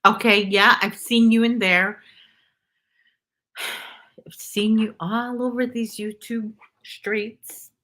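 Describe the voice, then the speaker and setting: This crochet livestream host speaks slowly from home in a slightly high, level, sharp-edged voice, pausing often. She rambles casually and calls out viewers' names as she works.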